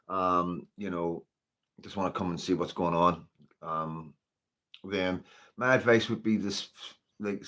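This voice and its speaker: A man with a Northern Irish accent hosting a casual livestream, chatting to viewers and greeting them by name in a rambling, filler-heavy way. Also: low voice. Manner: chatty, rambling, with frequent fillers like "you know" and "like". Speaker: livestream host.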